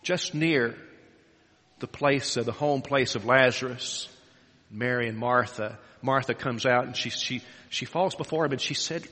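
A man preaching a sermon as a story, moving between quiet passages and emphatic ones, recorded in a hall with a long reverb. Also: medium pitch, a little slow.

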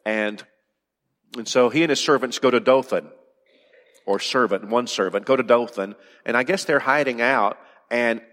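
A man preaching a sermon, earnest, moving between urgent rising questions and soft, calm passages. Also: mid-range voice, in a large hall.

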